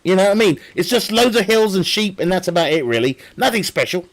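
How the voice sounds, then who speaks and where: A man's voice: high voice, lively intonation, quick pace. A man streaming a game, chatting casually in a rambling, joking way, laughing often and swearing. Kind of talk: casual live-stream chat.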